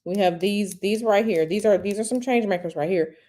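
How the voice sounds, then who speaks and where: Mellow-voiced woman reading tarot live. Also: medium pitch, a little fast. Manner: conversational, repeats phrases for emphasis; reads viewer questions aloud and answers directly. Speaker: tarot reader.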